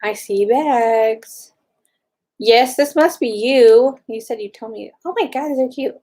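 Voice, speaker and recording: An excitable woman chatting casually, gushing while she browses online. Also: on the high side, a little slow. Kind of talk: casual chat.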